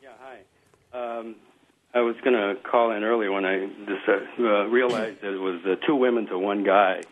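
A man's voice: on the low side, steady tone, moderate pace, phone-quality sound. A man calling in to a radio show, joking and chuckling. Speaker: caller. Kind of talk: radio call-in chat.

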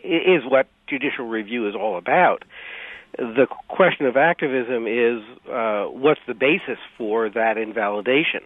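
A man being interviewed on radio as a legal scholar, speaking haltingly with many fillers and restarts. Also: medium pitch, no echo. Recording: dry, phone-like radio line.

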